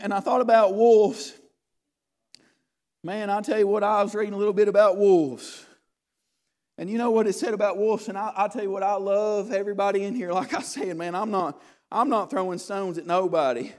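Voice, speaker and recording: A male preacher with a strikingly high-pitched voice delivers a sermon to his congregation. He builds to loud, emphatic shouts, then drops back into conversational asides peppered with "hey" and "I tell you what.". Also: fairly even intonation, moderate pace.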